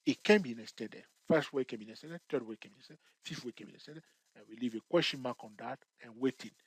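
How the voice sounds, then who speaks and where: Guy walking through a trading chart, keeps going "all right? okay?", dry close sound, middle pitch. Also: slightly rough, no echo. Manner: jokey, laughs at himself. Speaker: trading tutor. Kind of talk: screen-share trading lesson.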